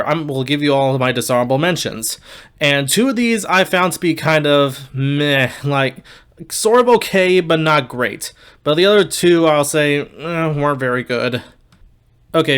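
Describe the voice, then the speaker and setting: A man's voice: medium pitch, a bit bright, clean tone. A young man casually reviewing movies, candid and wry with blunt opinions.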